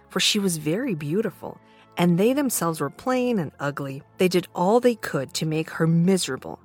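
A woman reading a fairy tale for children in a slightly low voice, full of lively ups and downs. Her delivery is gentle and expressive, with soft music under her. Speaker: storytime host. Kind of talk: children's story narration.

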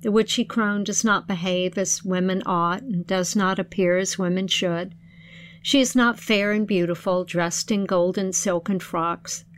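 A woman narrating an old folk tale in a measured, expressive storytelling voice, then reflecting on its meaning. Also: medium pitch.

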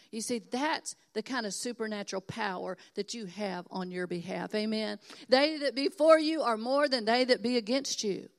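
An older woman from Texas preaching a sermon in an earnest, encouraging and emphatic way. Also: medium pitch. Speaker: pastor.

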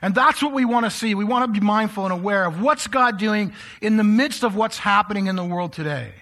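A man's voice: sits high, a little fast, a bit bright. A man preaching a sermon to a live congregation in a church, speaking conversationally and addressing the listeners directly. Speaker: pastor.

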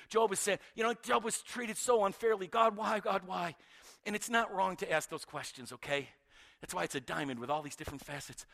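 A man preaching a sermon, swinging from loud urgent calls to hushed near-whispers and often repeating words. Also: sits high. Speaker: pastor.

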